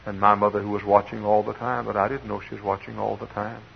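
An older man from Texas, preaching a folksy sermon with dramatic swings from hushed to shouting. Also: fairly low pitch, level tone, fast, vocal fry, slight background noise. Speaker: pastor. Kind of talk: sermon with storytelling. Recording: dull lo-fi sound.

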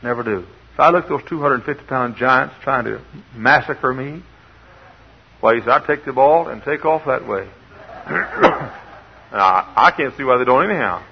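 An older man preaching a sermon, swinging from quiet asides to shouted exhortation, on an old recording. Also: mid-range voice, lively intonation, moderate pace, creaky, pauses often, highs cut off, a little hiss or hum. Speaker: pastor.

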